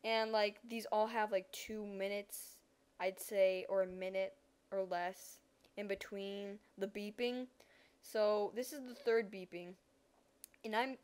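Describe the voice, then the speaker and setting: A teenage girl telling a personal story in a casual vlog, animated and dramatic, acting out her own reactions. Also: a little high. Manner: animated, dramatic retelling with acted-out quotes.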